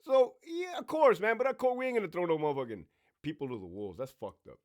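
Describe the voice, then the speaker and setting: Animated, profane ex-prison guard man. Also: high-pitched, fast. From California. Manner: profane, blunt, swaggering. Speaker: former prison officer. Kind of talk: casual storytelling monologue.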